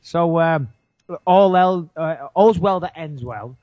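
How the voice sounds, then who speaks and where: British guy rambling thru a story on a podcast, pretty high voice, dry lo-fi sound. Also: expressive, slow pace, dry recording. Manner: argumentative. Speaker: podcast co-host. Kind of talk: casual podcast chat.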